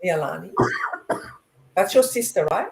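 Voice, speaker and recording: A woman co-hosting an online talk show over a video call, talking in a casual, animated way and laughing often. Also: lowish voice, measured pace, gravelly, rough recording. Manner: animated, laughs often, stretches words for emphasis. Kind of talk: casual chat.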